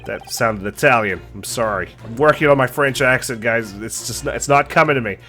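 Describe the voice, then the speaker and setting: A young man hosting a let's play, reading game dialogue aloud and reacting between lines in an animated, joking way. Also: mid-range voice, a little fast. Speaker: gaming channel host. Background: faint game music.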